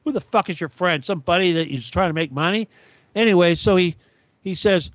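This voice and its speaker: A man's voice: high voice, fairly quick, no room sound, muffled recording. Heated, profane male radio host. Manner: heated, profane, rambling with quoted back-and-forth. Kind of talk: ranting monologue.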